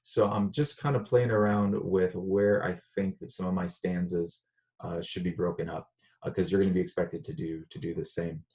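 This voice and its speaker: A man teaching a recorded online lesson in a relaxed, conversational way, with frequent "uh" fillers. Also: low-pitched, normal speed.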